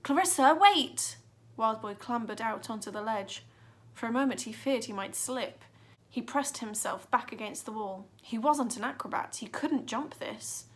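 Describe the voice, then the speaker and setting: A woman's voice: a little high, normal speed, hardly any pauses. A woman reading a children's adventure book aloud with dramatic expression. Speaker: narrator. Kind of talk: storybook reading.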